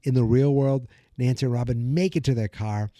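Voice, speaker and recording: A man's voice: mid-range voice, fairly quick, dark tone, dry recording, studio quality. A man hosting a podcast, chatting casually through an episode recap, with lots of "you know" and "like", and acting out the characters' lines as he goes. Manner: acts out character lines while retelling. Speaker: podcast host.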